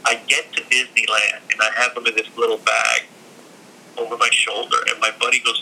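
A middle-aged man spins a long story in casual chat, jumping into everyone's voices as he goes. His tone is very bright and sharp, with an animated, performing manner. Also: medium pitch, fairly quick, gravelly, slight background noise, low-quality recording. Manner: animated, acts out every quoted voice. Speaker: guest.

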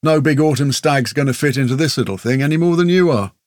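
A man's voice: mid-range voice, fast talker, no room sound, clean studio sound, natural voice. A man voicing a talkative, friendly male islander guide in a homely, folksy way, as an audiobook character voice. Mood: chatty.

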